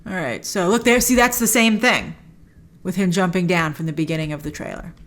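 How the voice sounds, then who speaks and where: A woman hosting a film trailer reaction, chatting in a casual, opinionated way with quick asides and quoted voices. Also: lowish voice.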